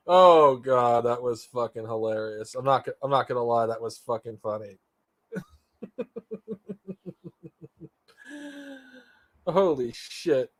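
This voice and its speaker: A man's voice: mid-range voice, big pitch swings, slow pace, long pauses. A man streaming casually, profane and incredulous as he reacts to a clip. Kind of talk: casual live stream chat.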